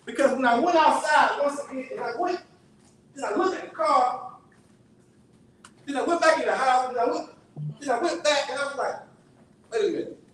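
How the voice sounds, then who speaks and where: A man with a high voice tells a story from the pulpit in an easy, conversational way, checking in with his listeners often. He is heard from a distance in a very echoey church sanctuary. A faint hiss sits under the recording. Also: normal speed, pauses often, a bit bright. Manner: conversational, asks the audience "right?" often. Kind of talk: sermon-style storytelling.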